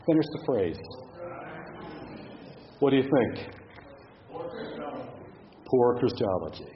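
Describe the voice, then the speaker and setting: A middle-aged pastor delivers a reflective sermon in church, putting one question after another to the congregation. His mid-range voice swings widely in pitch, and he speaks slowly with long pauses. The recording is dull, with slight background noise.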